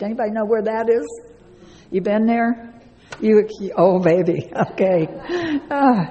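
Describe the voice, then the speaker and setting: A woman's voice: mid-range voice, slow pace, pauses often, dark tone. A woman giving a chatty personal testimony to a live audience, laughing often and speaking to listeners directly. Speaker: speaker sharing a recovery story. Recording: long hall reverb.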